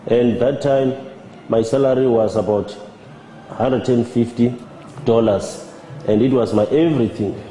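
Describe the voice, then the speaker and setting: Man, halting church testimony, deep mellow tone, echoing hall. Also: fairly even intonation, slight background noise. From South Africa. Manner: measured, halting, with repeated words. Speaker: church member giving testimony. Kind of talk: personal testimony. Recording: roomy with long reverb and faint music.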